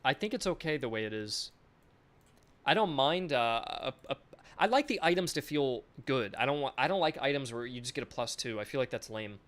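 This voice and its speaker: A man's voice: mid-range voice, animated, a little fast, a bit bright. Chatty, self-mocking male game developer. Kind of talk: casual live-stream commentary. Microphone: desk microphone.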